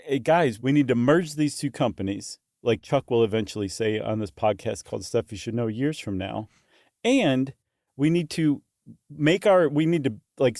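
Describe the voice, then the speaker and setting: A man co-hosting a podcast in casual chat, jokey and animated, with playful asides. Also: medium pitch, no echo, studio quality. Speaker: podcast co-host.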